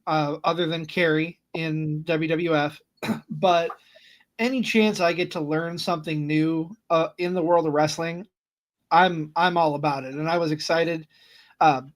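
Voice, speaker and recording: A man chatting casually at a round table, earnest, with hesitant restarts and frequent throat-clearing. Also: a little high, poor audio.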